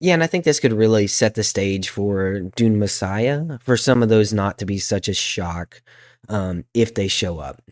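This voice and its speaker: A man's voice: fairly low pitch, moderate pace, dry recording, studio quality. A man co-hosting a podcast, shivering from cold while explaining things at length with hesitant fillers. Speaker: podcast co-host. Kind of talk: casual chat.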